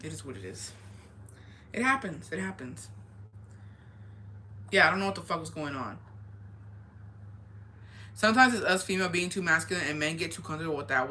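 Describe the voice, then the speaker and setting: Casual bright-voiced woman. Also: low-pitched, slight background noise. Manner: profane, laid-back, slips between English and Spanish. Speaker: advice vlogger reading viewer confessions. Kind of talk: casual chat.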